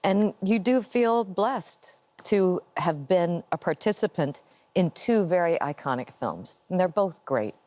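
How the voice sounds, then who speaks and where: A woman's voice: fairly low pitch, lively intonation, measured pace, darkish tone. An American woman in her fifties, an actress guest answering interview questions thoughtfully and laughing easily. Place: TV studio.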